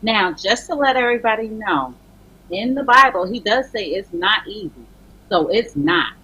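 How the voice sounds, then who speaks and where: A woman author guest on a morning TV show, telling faith stories in a lively way and acting out her talks with God. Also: mid-range voice, moderate pace, slightly rough, poor audio. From Barbados. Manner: lively storytelling, acts out dialogues with God, exclamations. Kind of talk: animated faith talk on morning TV. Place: TV studio.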